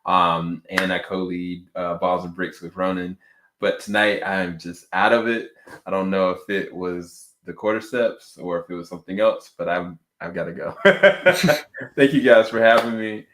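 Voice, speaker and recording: Male co-host, relaxed, informal, low deep voice. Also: measured pace, slight background noise. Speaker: podcast co-host. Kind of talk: casual livestream chat.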